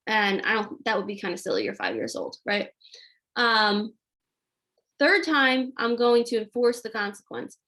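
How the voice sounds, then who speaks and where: A woman's voice: on the high side, lively intonation, a little slow, fairly bright tone. A woman hosting a live question-and-answer session on a video call, giving parenting advice in a casual, chatty way with frequent fillers.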